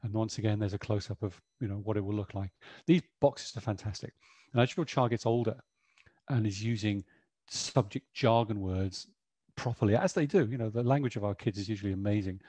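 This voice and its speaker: A man's voice: on the low side, fairly even intonation, brisk, warm tone, no echo. A middle-aged man presenting an educational webinar, chatty and explanatory, often saying "you know".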